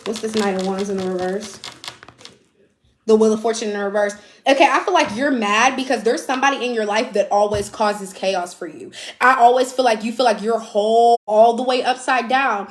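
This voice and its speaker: A woman's voice: on the high side, brisk, hardly any pauses, echoey room. A woman giving a casual, blunt live tarot reading, chatty and swearing now and then. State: out of breath. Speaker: tarot reader.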